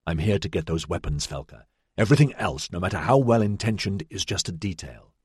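A man's voice: deep voice, lively intonation, fairly quick, darkish tone, husky, no room sound, clean studio sound. A man voicing a ruthless male commander who speaks in cold, clipped sentences.

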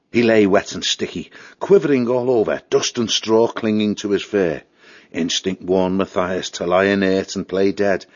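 Man reading a storybook, low husky voice, dry and muffled. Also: no echo. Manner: steady, expressive reading. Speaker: narrator. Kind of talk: storybook narration.

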